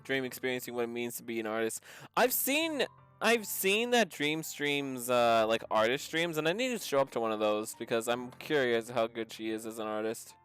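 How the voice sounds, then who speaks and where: A man streaming a story game, shouting jokey asides to his chat and swearing between readings. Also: medium pitch, lively intonation, fairly quick, few pauses, clear, resonant tone, faint music behind. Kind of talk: live game commentary.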